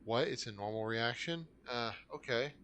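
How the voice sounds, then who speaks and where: A man's voice: mid-range voice, moderate pace, fairly bright tone, a little hiss or hum, natural voice. A man voicing an embarrassed, defensive adult male aquarium visitor in a game, over game music. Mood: sheepish. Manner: defensive, sheepish.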